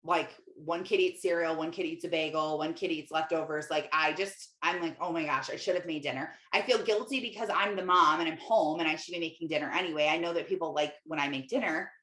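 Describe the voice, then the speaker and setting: A woman's voice: low-pitched, fairly even intonation, a little fast, hardly any pauses, sharp tone. A young adult woman, a Christian life coach and podcast host, talking candidly in a casual monologue full of "like" fillers. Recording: echoey room.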